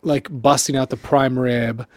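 A man chats casually and drops in wry quips and pointed questions. His pitch is ordinary and middling. Every word sounds close and dry on the mic. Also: fairly even intonation, a little slow, no room sound. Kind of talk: casual chat.

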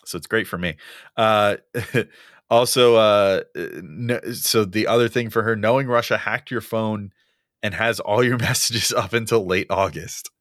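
A young man co-hosting a casual podcast chat, halting and full of ums and uhs, chuckling often. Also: lowish voice, fairly even intonation, fairly bright tone. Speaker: podcast co-host.

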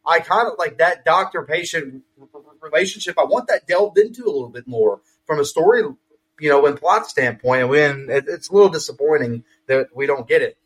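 A man co-hosting a film review podcast, chatting casually with lots of swearing and quick asides. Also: fairly high pitch, lively intonation, fairly bright tone, breathy edge, low-quality recording. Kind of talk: casual chat.

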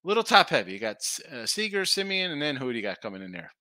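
A man's voice: mid-range voice, big pitch swings, quick pace, sharp tone, dry recording. A middle-aged man hosting a casual live sports betting stream, rambling through picks, stumbling over his words and reading viewer comments aloud. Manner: rambling, self-interrupting, reads chat comments aloud. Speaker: sports betting show host.

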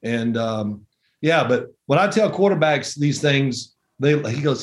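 A man's voice: mid-range voice, a little slow. A man in his sixties, a former quarterback, chatting as a podcast guest and telling wry stories. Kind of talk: casual podcast chat.

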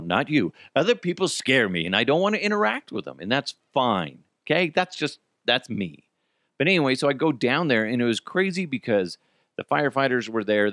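A man's voice: mid-range voice, fairly bright tone, no echo, studio quality. A man in his thirties hosting a podcast, telling a story in a rambling, self-deprecating way and swearing freely. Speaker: podcast host. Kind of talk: casual storytelling monologue.

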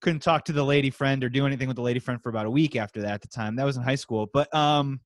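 A man in his forties hosting a podcast, chatting in a relaxed, rambling way. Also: medium pitch, very fast, no echo. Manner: relaxed, rambling, lots of fillers. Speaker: podcast host. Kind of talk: casual comedic chat.

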